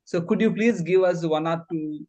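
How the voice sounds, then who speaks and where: A man hosting a video call interview, polite and halting with many uhs. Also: a little high, darkish tone. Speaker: host.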